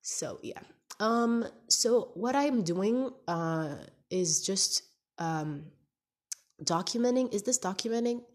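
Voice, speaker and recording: Her medium-pitched voice is slow with lively intonation. She's in her twenties and speaks English as a second language, nose stuffed up from crying, as she rambles candidly through a casual confessional video diary in podcast style, groping for words.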